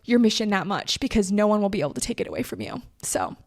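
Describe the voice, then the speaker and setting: A woman's voice: medium pitch, sing-song, fast talker, no echo, studio quality. A woman hosting her own podcast, talking candidly and emotionally in a casual heartfelt monologue and swearing freely. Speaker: podcast host.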